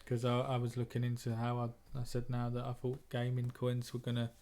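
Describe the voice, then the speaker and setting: A man's voice: mid-range voice, monotone, fairly quick, warm tone. Blunt man in casual trading chat. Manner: blunt, repeats words while thinking. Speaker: trader and moderator. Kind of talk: casual group discussion.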